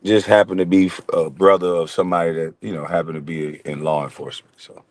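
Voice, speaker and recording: A man's voice: low voice, level tone, quick pace, no room sound. Profane laid-back man, dry close mic. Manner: loose, profane, laughing banter with chat. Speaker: livestream host. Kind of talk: casual livestream chat.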